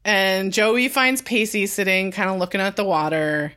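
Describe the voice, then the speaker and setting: A woman's voice: mid-range voice, fairly even intonation, moderate pace, a bit bright. A woman in casual chat as a podcast co-host, talking in a loose, filler-heavy way and acting out quoted lines. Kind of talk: casual chat recapping a TV episode.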